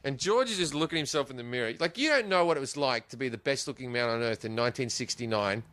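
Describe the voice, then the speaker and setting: A man telling a comic story in an animated, swearing, laughing way. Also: mid-range voice, quick pace, no room sound. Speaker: guest.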